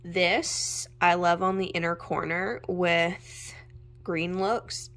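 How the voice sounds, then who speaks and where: A young woman chatting casually at home as she shows her makeup, gushing and sometimes dropping into a soft whisper. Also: on the low side, steady tone, slow. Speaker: makeup vlogger. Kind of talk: casual chat while swatching makeup. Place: home room with natural light.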